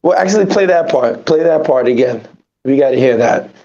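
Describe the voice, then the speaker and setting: A man hosting a podcast in casual chat, giving quick, playful instructions in a gravelly, husky voice. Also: mid-range voice, animated, mellow. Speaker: podcast host. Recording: dull lo-fi audio.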